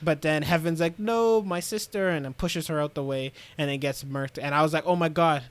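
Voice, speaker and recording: A man's voice: a little high, fairly even intonation, fairly quick, no room sound. A young man co-hosting a podcast, rambling through a recap and laughing often. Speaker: podcast co-host. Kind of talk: casual recap chat.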